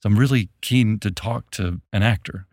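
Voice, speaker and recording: A man from Memphis with a very deep voice, hosting a podcast in casual conversation. He rambles loosely and restarts his sentences, and the sound is dry and close with no room around it. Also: moderate pace, darkish tone, no echo. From Memphis, Tennessee, US. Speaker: podcast host.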